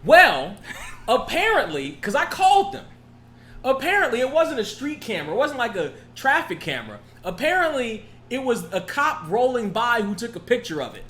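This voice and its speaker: High-voiced man telling a story. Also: big pitch swings, normal speed, a bit bright, roomy sound, a little hiss or hum. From California. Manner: laid-back storytelling, laughing, swearing. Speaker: podcast co-host. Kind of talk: casual chat.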